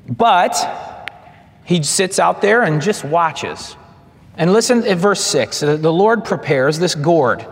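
Animated male preacher in an echoing hall. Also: fairly high pitch, takes it slowly. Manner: animated preaching, acts out quoted lines. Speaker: pastor. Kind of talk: sermon. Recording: long hall reverb.

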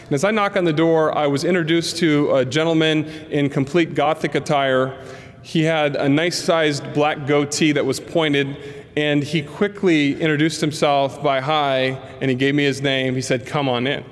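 Pastor preaching in an echoing hall. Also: male voice, a little high, normal speed. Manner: animated storyteller acting out dialogue. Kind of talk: sermon storytelling. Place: church. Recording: long reverb of a large hall.

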